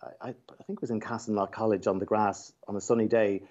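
A man's voice: fairly low pitch, steady tone, fast talker, a little mellow, muffled recording. An Irish man, a dialect coach, telling anecdotes as a radio guest in a reflective way with frequent restarts.

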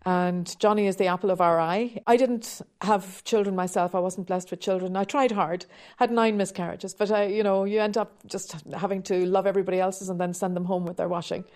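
A woman who teaches harp, talking candidly and reflectively in a radio interview, with soft laughs. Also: mid-range voice, steady tone, a little fast, few pauses. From Ireland.

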